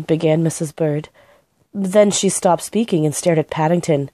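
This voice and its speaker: A woman reading a children's book aloud, in a gentle and expressive storytelling manner. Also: fairly low pitch, moderate pace, dry recording. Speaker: storybook reader.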